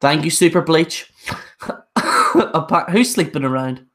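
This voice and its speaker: A young man who reviews wrestling shows rants bluntly on a casual live stream, rambling and restarting often. His voice is fairly high and a bit bright, expressive, and slow-paced.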